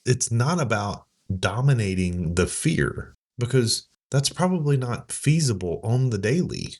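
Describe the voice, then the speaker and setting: A man's voice: medium pitch, expressive, a little slow, darkish tone, slightly rough. A man co-hosting a podcast in casual conversation, talking in an earnest, encouraging way with many "like"s and "I mean"s. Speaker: podcast co-host.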